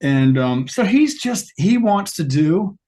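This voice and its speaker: Man guest on a video call, rambling animated storyteller, slightly higher voice. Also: slow. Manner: animated storyteller, acts out quoted lines with a higher pitch. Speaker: guest guitarist. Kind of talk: storytelling in an interview.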